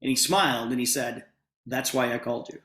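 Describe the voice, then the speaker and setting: A man telling a story as part of a sales pitch, acting out both sides of a conversation. His voice is mid-pitched and the room around him echoes. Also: brisk. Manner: animated retelling with quoted dialogue. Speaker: presenter.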